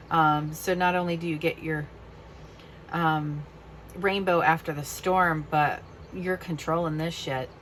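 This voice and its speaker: A woman in a casual tarot reading, speaking in a somewhat low voice and growing openly emotional. Her delivery is heartfelt, with a faint hiss of noise behind her. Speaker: tarot reader.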